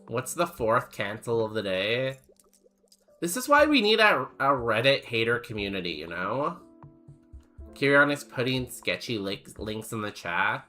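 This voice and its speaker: A man's voice: mid-range voice, lively intonation, unhurried, pauses often, pushed and bright, soft background music. A young man streaming a game, chatting casually with his chat in a rambling, jokey way full of fillers. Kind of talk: casual chat while playing and reading chat.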